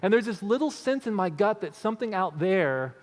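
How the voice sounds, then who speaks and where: A man with a notably high voice gives a motivational talk from a stage, telling stories in a lively, conversational way. He keeps checking in with the listeners as he goes. His voice carries a long reverb, as if filling a large hall. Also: a little fast. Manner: storytelling, with frequent tag questions. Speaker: speaker on creativity.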